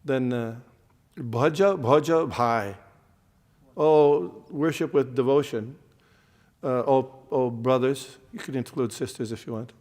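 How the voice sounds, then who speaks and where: A man's voice: mid-range voice, slow, darkish tone, long reverb tail. A man giving a devotional scripture class, explaining terms and quizzing his listeners, with many fillers and restarts.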